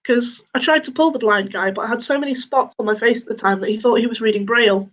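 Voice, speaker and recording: A young woman with a Northern English accent doing a deadpan, self-mocking stand-up routine. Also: on the high side, quick pace, dull audio. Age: young adult. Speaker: stand-up comedian. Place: home, online showcase.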